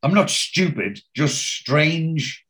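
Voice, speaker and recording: A man voicing a pompous middle-aged man who acts high and mighty and quotes Shakespeare. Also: expressive, slow, fairly bright tone. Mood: lofty.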